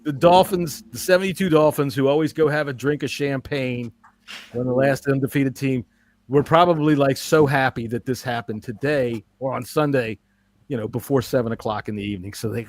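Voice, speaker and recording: A man's voice: medium pitch, a little fast. A man hosting a casual fan podcast, reading listener emails and joking with loose, profane talk. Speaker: podcast host.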